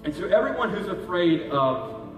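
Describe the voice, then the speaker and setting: A man's voice: high voice, sing-song, normal speed, faint music behind. A man preaching a sermon as pastor, urging and conversational in his manner. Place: church hall. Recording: echoey hall, heard from a distance.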